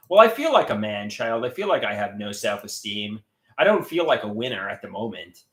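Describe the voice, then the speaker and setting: A man's voice: medium pitch, very animated, moderate pace, a bit bright. Agitated swearing man in an echoey room. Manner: agitated, swearing, repeats himself and restarts. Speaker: livestreamer showing his artwork. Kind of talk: casual livestream talk.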